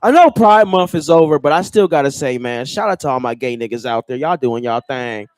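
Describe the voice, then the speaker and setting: A man's voice: medium pitch, lively intonation, brisk, darkish tone, no room sound. A man doing a loose, joking stand-up set on a club stage, talking straight to the crowd. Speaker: stand-up comedian.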